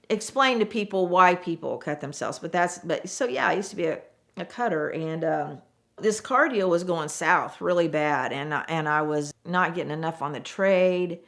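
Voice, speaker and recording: A middle-aged woman, a former car saleswoman, telling frank stories in a chatty, animated way and acting out the voices of the people in them. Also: low voice. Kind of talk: casual storytelling interview.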